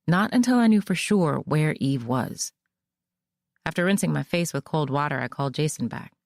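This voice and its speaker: A woman narrating a mystery audiobook in the first person, with measured storytelling. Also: sits low, animated, vocal fry, darkish tone, no echo, studio quality.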